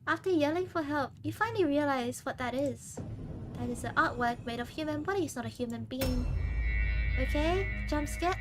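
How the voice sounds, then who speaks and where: A woman streamer playing a horror dating game, reading its text aloud with animated, dramatic reactions. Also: sits high, normal speed, faint music behind.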